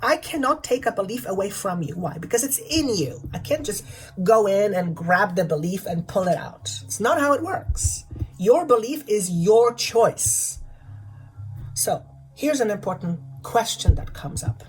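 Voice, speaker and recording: A woman's voice: mid-range voice, very animated, moderate pace, soft background music, rough recording. A woman channeler and energy healer giving a spiritual guidance talk, repeating her key questions for emphasis.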